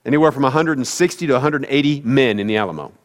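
A man's voice: medium pitch, rapid-fire. Man preaching in an echoing church hall. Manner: conversational, self-deprecating preaching with asides to the congregation. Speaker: pastor. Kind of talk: sermon. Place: church sanctuary.

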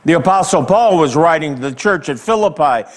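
A male pastor preaching a sermon slowly and emphatically, with dramatic pauses, and asking the congregation direct questions. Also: on the high side, lively intonation. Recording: long hall reverb.

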